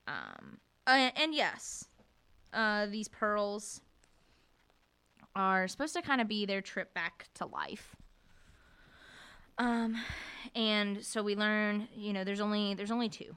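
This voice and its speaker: A young woman co-hosting a casual book podcast, laughing often and acting out characters' lines in quick voices. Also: medium pitch, very animated, bright, forceful tone, clear, resonant tone. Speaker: podcast co-host.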